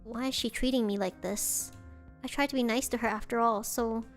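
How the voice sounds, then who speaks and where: A woman's voice: on the high side, fairly even intonation, moderate pace, faint music behind. A woman streamer reading a visual novel aloud, breaking off to react with dismay.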